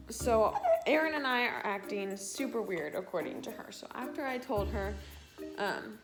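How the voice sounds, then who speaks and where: A young woman in her late teens tells a personal story to her viewers. She talks casually and keeps acting out what people said. Music plays quietly behind her voice. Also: on the high side, lively intonation, normal speed. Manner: chatty and filler-heavy, retells scenes in quoted asides. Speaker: vlogger.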